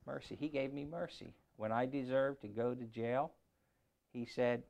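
A middle-aged man preaching a sermon, shifting from quiet talk to loud scripture reading. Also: mid-range voice, normal speed, gravelly.

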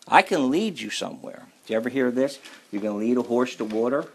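Emphatic male preacher in mid pitch. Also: animated, breathy edge. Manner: emphatic, repeats key phrases, slows down to stress points. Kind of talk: sermon.

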